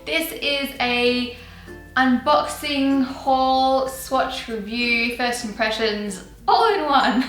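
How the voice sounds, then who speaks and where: A woman's voice: a little high, slow, a bit bright, echoey room, soft background music, low-quality recording. A young woman chatting casually and giggling as she shows and tries out makeup on her channel. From Australia. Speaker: beauty vlogger. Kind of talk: casual chat.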